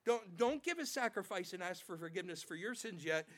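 High-voiced male pastor preaching animatedly. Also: fairly quick. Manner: animated preaching, acting out quotes, repeats words. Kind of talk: sermon.

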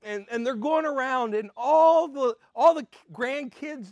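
An older man giving an earnest sermon as a pastor, swinging between emphatic and soft. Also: very high voice, a little slow, hardly any pauses, dry recording, studio quality.

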